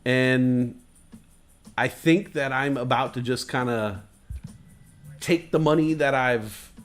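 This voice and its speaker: A man's voice: medium pitch, slow pace, faint music behind. A man hosting a livestream, chatting casually in a rambling, crude way with silly asides. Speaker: livestream host. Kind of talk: casual stream chat.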